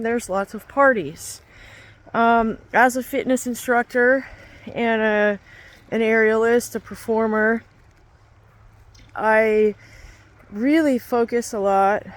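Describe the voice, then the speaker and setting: Earnest woman rambling slowly into her phone. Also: fairly high pitch. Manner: rambling, earnest, many fillers and restarts. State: shivering in the cold. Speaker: fitness instructor and aerialist. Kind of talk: casual testimonial vlog. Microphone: handheld phone.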